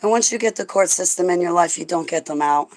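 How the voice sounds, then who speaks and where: A woman's voice: lowish voice, fast, low-quality recording. A woman hosting a rambling livestream chat with viewers, emotional and profane, often laughing, and at times praying aloud. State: stressed. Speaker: livestream host.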